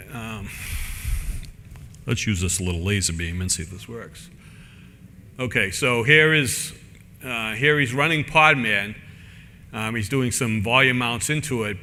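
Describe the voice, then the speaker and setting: A man's voice: medium pitch, pushed and bright, big-room sound. A man giving a technical conference talk in a casual, rambling way, full of fillers and restarts. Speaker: conference speaker. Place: conference room.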